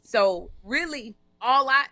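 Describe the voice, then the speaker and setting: A woman co-hosting a comedy podcast live stream, telling a long story in an animated, run-on way with frequent restarts and blunt jokes. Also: fairly high pitch, slow. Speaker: podcast co-host.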